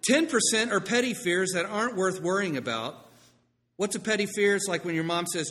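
A middle-aged man preaching a sermon as pastor, telling stories with lively asides and a conversational manner. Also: on the high side, fairly quick. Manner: animated storytelling, conversational asides. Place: church sanctuary. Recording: long reverb in a large room.

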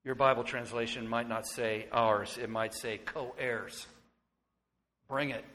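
A man in his forties preaching a sermon as pastor, swinging from hushed, tender moments to loud, excited ones. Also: medium pitch, a little slow. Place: church sanctuary. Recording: long hall reverb.

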